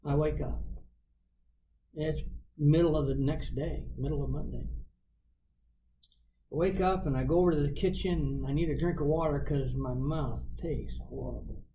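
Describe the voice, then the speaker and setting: Older man, preacher, testimony storytelling, animated, distant mic. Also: on the high side, normal speed, pauses often, slight background noise. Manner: animated, acts out the voices in his story. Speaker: guest preacher.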